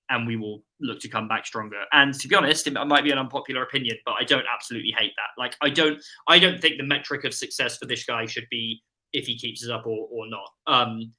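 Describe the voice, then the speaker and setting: A man on a live podcast panel lays out his argument at length in an articulate, analytical way. His voice has a very bright, forward tone. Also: medium pitch. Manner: articulate, analytical, long reasoned points. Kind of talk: live-stream football analysis.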